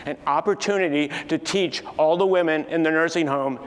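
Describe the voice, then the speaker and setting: A man in his sixties giving a keynote talk, telling a family story with lively acted-out dialogue. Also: a little high, fairly quick. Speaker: keynote speaker. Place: large conference hall. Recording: distant echoey hall with faint ambience.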